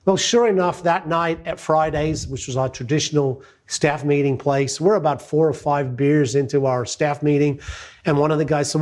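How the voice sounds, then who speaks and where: A middle-aged man telling a business success story as a lively, anecdotal monologue, acting out the quotes. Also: on the high side, normal speed.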